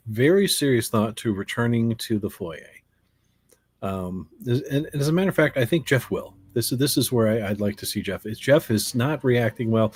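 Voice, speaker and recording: A man's voice: mid-range voice, darkish tone, breathy edge, no echo. A man playing a tabletop horror game, describing his character's retreat in a rambling, playful way. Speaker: player.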